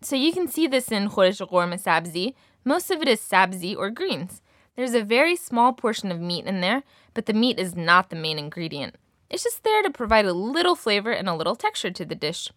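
A young woman teaching a language lesson, clearly modelling words slowly for her student to repeat. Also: mid-range voice, very animated, fairly bright tone, no room sound, studio quality.

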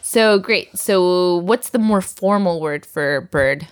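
A woman's voice: on the low side, takes it slowly, clear, resonant tone. A woman teaching vocabulary to a learner, patient and encouraging, often laughing. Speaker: language teacher.

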